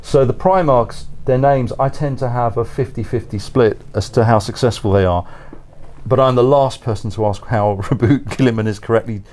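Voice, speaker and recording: A man's voice: medium pitch, normal speed, a little mellow, a little hiss or hum. A man answering interview questions as a guest author in a studio, thoughtful and rambling, often repeating words and laughing.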